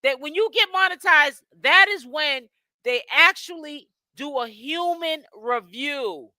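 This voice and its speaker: A woman's voice: high-pitched, lively intonation, measured pace, sharp tone, no echo. A woman hosting gossip commentary, talking bluntly and critically as she explains and picks apart what others said. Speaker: commentary channel host.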